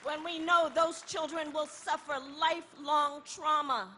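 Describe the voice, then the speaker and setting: A woman giving an impassioned protest rally speech outdoors, repeating a refrain and building to shouts. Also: high-pitched, flat delivery, measured pace, background noise. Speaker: rally speaker.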